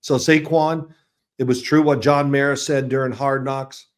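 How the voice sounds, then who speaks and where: An older man in his sixties, guesting on a sports interview, speaks at an ordinary middle pitch. He tells loose, rambling anecdotes, doubling back on words and chuckling as he goes. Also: little pitch movement, moderate pace. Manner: chatty, rambling anecdotes with frequent restarts and chuckles. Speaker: football analyst, interview guest. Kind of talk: casual interview storytelling.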